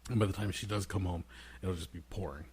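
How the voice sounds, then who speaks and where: A man with a fairly low voice chats casually on a podcast, spinning stories about his toddler. He breaks into a squeaky child voice for his son's lines, then drops back to his easy storytelling tone. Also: fast talker, slightly rough. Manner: animated storyteller, acts out his toddler son in a high voice. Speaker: podcast co-host.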